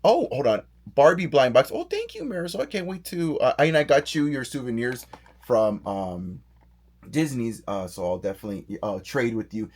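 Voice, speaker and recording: In a home office full of dolls, a middle-aged man co-hosts a live doll-collecting stream. Speaking at medium pitch and normal speed, he reads viewer comments aloud and greets people with excited, animated energy.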